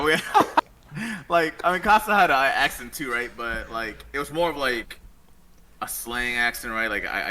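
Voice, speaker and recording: Bright-voiced man, animated and laughing. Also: medium pitch. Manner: animated, laughing, quotes others in bursts. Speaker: podcast co-host. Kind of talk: casual chat.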